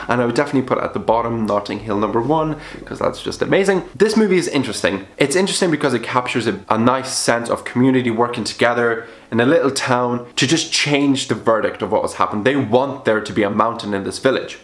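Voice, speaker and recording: A man's voice: fast, few pauses. Chatty young man reviewing films, roomy echo. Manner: chatty, with sudden upward pitch jumps for emphasis; blunt, casual swearing. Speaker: film vlogger. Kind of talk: casual film review vlog.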